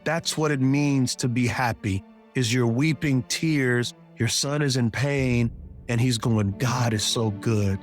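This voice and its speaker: Earnest dad telling a sports story. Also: male voice, medium pitch, measured pace, soft background music. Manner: earnest, casual, emphatic with "man" and "bro". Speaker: guest storyteller, father. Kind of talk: personal story told on a podcast.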